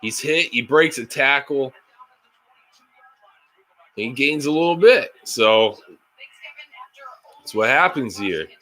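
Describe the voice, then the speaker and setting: A man calls a live football game for his stream, swinging from steady play-by-play into exasperated, profane rants about the coaching. His voice is bright and forward, and he talks at an unhurried, drawn-out pace. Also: medium pitch. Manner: frustrated, swearing fan rants. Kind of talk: live game reaction and commentary.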